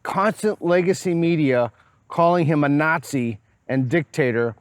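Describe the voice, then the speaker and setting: A man's voice: on the high side, a little slow, smooth, no echo. A man with a Boston accent hosting a casual street interview, playful and teasing. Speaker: host. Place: outdoors on a college campus.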